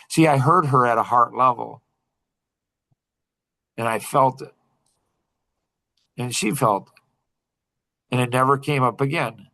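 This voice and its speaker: A middle-aged man tells a story to a coaching group in a loose, chatty way and laughs often as he talks. His voice is bright and forceful, at an ordinary pitch. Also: unhurried, pauses often. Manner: animated storytelling with frequent laughs. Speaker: mentor leading a coaching group. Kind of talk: casual group coaching talk.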